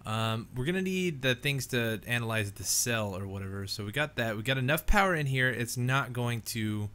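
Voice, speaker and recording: A man's voice: mid-range voice, animated, normal speed, fairly bright tone, clear, resonant tone. A young man hosting a gaming channel, giving casual let's play commentary at home in a rambling, easygoing way. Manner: rambling, easygoing, says "man" and "dude" a lot.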